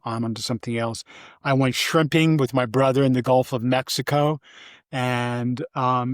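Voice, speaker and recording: A man's voice: no echo, studio quality. An older man telling stories from his life in a casual interview. He rambles and halts, with many restarts and fillers. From Vermont, USA. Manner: briefly mimics his mother in a high voice. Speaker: interview guest.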